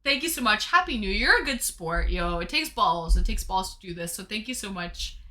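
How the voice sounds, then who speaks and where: Bubbly woman streamer, very bright and lively, effusive casual chat. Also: medium pitch, fairly quick. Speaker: streamer hosting viewer dates.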